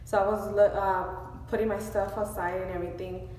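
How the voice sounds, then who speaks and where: A woman's voice: mid-range voice, level tone, normal speed, a little mellow. A woman beauty vlogger talks in a casual, gushing way, full of "um" and "like". She sounds distant from the mic, in an echoey store with a long reverb tail. A faint hum of store ambience sits behind her. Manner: emotional, gushing, many fillers. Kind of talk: casual vlog update.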